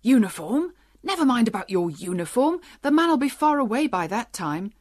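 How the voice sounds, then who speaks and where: A woman reads a curt, commanding hangman in a storybook. He snaps out orders, a little higher and louder than the narration around him. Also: big pitch swings, moderate pace. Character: stern commanding man, a hangman.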